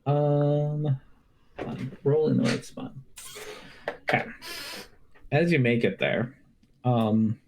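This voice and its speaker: A man running a tabletop game as game master, talking haltingly with many fillers over an online call. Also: medium pitch, noisy background.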